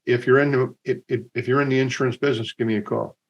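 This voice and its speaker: A man who works as a career coach talks casually as a podcast guest. His voice sits at a medium pitch. He speaks with chatty enthusiasm. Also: steady tone, fast, highs cut off. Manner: enthusiastic, conversational.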